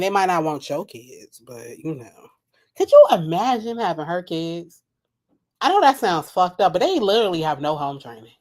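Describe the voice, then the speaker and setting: A woman streaming live at night and making mocking, rambling, profane comments about a video while she laughs at her own jokes. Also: medium pitch.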